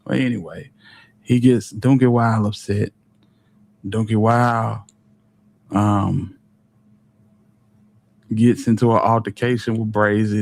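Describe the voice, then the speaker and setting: A man, on the lower side, hosts a commentary stream. He talks in a casual, disbelieving, wry tone. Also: darkish tone. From Alabama. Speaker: commentary host.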